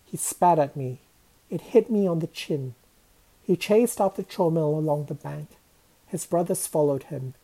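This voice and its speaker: Woman, children's story read-aloud, unhurried, husky dark voice, expressive. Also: low voice, rough recording. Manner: expressive, shifts voice for each character.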